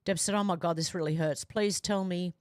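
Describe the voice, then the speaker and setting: Woman host, lowish voice, dry close sound, casual stream chat reading out viewer comments. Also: fairly even intonation, a little fast, no echo. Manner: chatty, reads comments aloud with asides and fillers. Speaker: livestream host.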